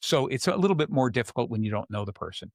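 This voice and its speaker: A man's voice: medium pitch, sing-song, fast, vocal fry, dry recording, clean studio sound. A man hosting a podcast, talking through relationship advice in a conversational way and acting out what people say. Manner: conversational, acts out quoted people. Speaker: host. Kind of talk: casual advice talk.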